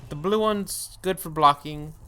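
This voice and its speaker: A man's voice: on the high side, unhurried, bright, forceful tone, a little hiss or hum. A young man co-hosting a gaming video, making dry, teasing remarks. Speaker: co-host. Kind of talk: casual gaming chat.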